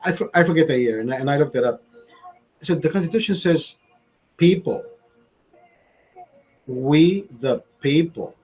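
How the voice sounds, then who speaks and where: Male host, husky and fairly high, swearing through a stop-start rant. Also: measured pace, long pauses, a little mellow, poor audio. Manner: heated, swears constantly, restarts sentences. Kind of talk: casual profane rant.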